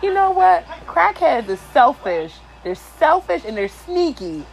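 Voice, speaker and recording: A woman hosting a podcast, telling a story in a casual, animated and crude way, with plenty of swearing. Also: sits high, a little slow, vocal fry, low-quality recording. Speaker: podcast host.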